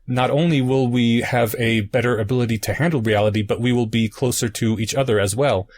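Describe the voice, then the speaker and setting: A young adult man co-hosting a podcast, patiently explaining ideas through analogies in casual chat. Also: medium pitch. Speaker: podcast co-host.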